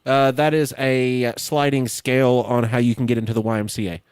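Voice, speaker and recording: A man co-hosting a casual podcast, playful and quick to laugh. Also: medium pitch, flat delivery, clear, resonant tone, dry recording. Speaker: podcast co-host. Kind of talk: casual chat.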